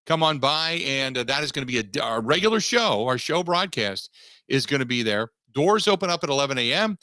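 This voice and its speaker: A man hosts sports talk radio, hammering points with emphatic repeats. His voice is bright and forward. The studio sound is dry and close. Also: medium pitch, sing-song, brisk, dry recording. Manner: emphatic, repetitive restarts.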